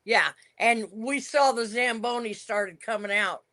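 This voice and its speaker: A woman's voice: a little high, a little slow, bright, forceful tone. An older woman, a retired wrestler, telling stories from her career in a casual interview. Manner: reminiscing storyteller, emphatic.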